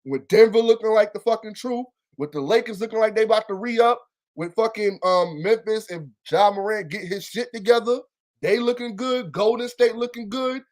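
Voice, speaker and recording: High-voiced man ranting about sports. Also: moderate pace. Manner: profane, emphatic ranting. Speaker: podcast co-host. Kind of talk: casual sports chat.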